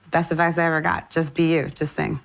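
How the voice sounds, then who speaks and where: A young adult woman from St. Louis, a singer being interviewed, telling her story with lively enthusiasm. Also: deep voice, fast, gravelly. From St. Louis, USA. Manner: enthusiastic, animated storytelling with laughs. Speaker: singer, guest. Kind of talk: casual interview chat.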